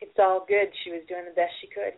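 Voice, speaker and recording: A caller answering a coach in brief, quiet replies. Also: medium pitch, little pitch movement, brisk, narrow, tinny audio.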